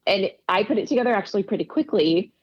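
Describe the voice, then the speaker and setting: With a medium-pitched voice and a breathy edge, this quilter is interviewed as a podcast guest. She laughs a lot while casually telling stories and performing the dialogue she quotes, and the audio is dull and lo-fi.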